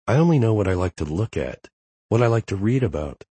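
A man voicing a shy but playful young woman in an audiobook, speaking softly and confidingly. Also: fairly low pitch, big pitch swings, fairly quick, dry recording, voice pushed up. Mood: eager confiding. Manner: breathy, soft-spoken confiding. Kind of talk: audiobook dialogue.

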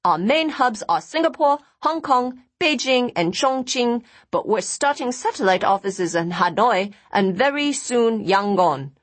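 A man's voice: very high voice, lively intonation, a little slow, few pauses, a bit bright, pitched above the performer's own voice, full character voice. A woman voicing a jovial middle-aged man who runs a family business, talking proudly and teasing his guest. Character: jovial middle-aged male company boss, proud father.

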